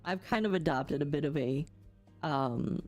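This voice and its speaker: A young woman co-hosting a casual podcast, chatty and quick to laugh. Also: sits low, darkish tone, soft background music. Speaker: podcast co-host.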